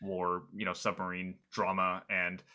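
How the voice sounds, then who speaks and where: Guy on a movie podcast, lowish bright voice, lots of uhs and you knows. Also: completely flat delivery, a little slow. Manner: rambling, many fillers and restarts. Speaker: podcast co-host. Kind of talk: casual film discussion.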